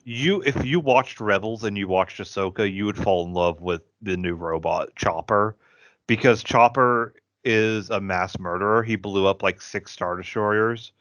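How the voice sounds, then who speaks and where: A podcast co-host with a Midwestern American accent tells long, rambling fan stories in casual chat, enthusiastic throughout. His voice is fairly low, a bit bright, and a little slow, recorded dry with no echo in dull lo-fi podcast audio.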